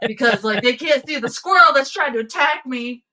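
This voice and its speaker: A woman's voice: high voice, animated, normal speed, bright, forceful tone, slight background noise, rough recording. A woman hosting a casual livestream, telling rambling stories and laughing often. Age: adult, past high school. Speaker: livestream host. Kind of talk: casual chat with viewers.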